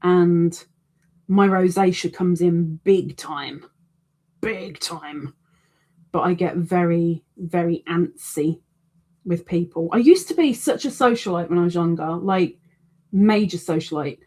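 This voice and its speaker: A woman's voice: medium pitch, a little mellow. Chatty woman crocheting on a live stream. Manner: chatty, self-deprecating, rambling with restarts. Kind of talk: casual live-stream chat, reading viewer comments.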